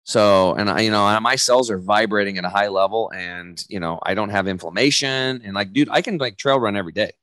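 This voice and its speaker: A middle-aged man, a podcast guest, talking in an energetic, casual way with slang. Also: lowish voice, a little fast, hardly any pauses, no echo. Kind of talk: podcast interview.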